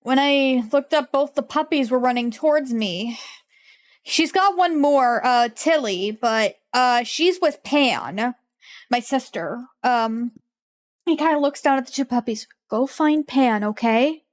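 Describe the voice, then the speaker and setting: A woman runs a tabletop game, narrating the scene and answering the players' questions. Her voice sits high and she takes her time, trailing into ums and restarts as she works out what to say next. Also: expressive. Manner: halting, filler-heavy narration. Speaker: game master.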